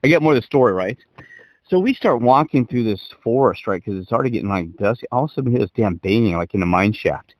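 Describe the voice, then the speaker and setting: A man's voice: fairly low pitch, lively intonation, fast talker, dry recording, poor audio. A middle-aged man telling a story in casual chat as a podcast co-host, rambling and swearing and laughing as he goes.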